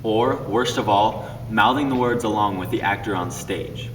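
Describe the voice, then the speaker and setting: A young man performing a scripted comedic duet, explaining stage tricks in a deadpan, instructional way. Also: lowish voice, normal speed. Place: classroom. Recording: echoey room, distant mic, faint noise.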